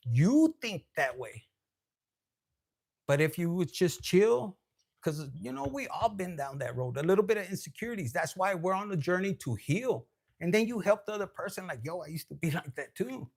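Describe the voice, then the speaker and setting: A man's voice: high-pitched, sing-song, normal speed, creaky. A man giving a casual tarot reading, loose and profane, dropping Spanish slang and laughing often. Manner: laughs often, switches between loud and hushed. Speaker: tarot reader.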